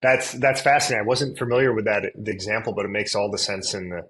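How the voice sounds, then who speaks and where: A man's voice: on the low side, fairly even intonation, fast, fairly bright tone, rough recording. A man guesting on a podcast, talking loosely with lots of fillers and restarts. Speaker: guest, influencer marketing agency CEO. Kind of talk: casual conversational interview.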